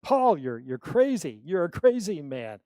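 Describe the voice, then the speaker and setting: A man voicing an exasperated Roman governor who shouts in disbelief and scorn. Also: mid-range voice, measured pace, no room sound, lightly acted. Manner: loud, incredulous outbursts.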